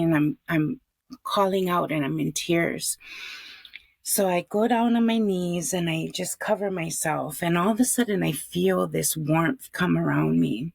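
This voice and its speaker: A woman's voice: fairly low pitch, measured pace, creaky, breathy edge, dry recording, clean studio sound. A middle-aged woman from Hawaii, a podcast guest earnestly telling a heartfelt personal story.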